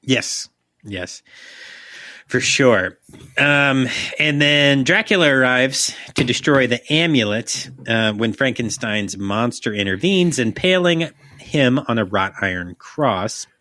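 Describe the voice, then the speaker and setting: A man's voice: mid-range voice, animated, slow pace, pushed and bright. A young man co-hosting a podcast, chatting loosely and profanely, joking and reading a plot summary aloud. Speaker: podcast co-host.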